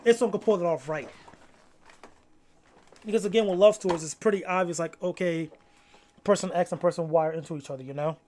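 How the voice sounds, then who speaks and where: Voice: medium pitch, fairly quick, long pauses, darkish tone. Slangy casual reaction commentator. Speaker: video commentator.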